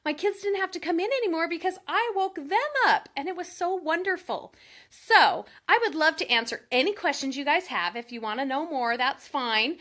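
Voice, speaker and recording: A woman in her thirties vlogging in a casual chat to camera, telling stories in an animated way and saying "like" a lot. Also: high voice, normal speed. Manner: chatty, animated storytelling with lots of "like".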